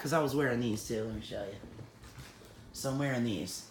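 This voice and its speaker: A woman co-hosting an online sale, telling animated stories with a lot of laughter. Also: extremely low pitch, brisk. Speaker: co-host selling magical items. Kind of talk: casual storytelling chat. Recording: echoey room.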